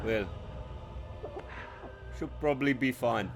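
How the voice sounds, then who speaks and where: A man's voice: medium pitch, lively intonation, moderate pace. A male game streamer chats and jokes while he plays, teasing his co-host and now and then trying on put-on accents. Game music plays underneath his voice. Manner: joking, teasing, puts on accents. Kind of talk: casual game-stream commentary.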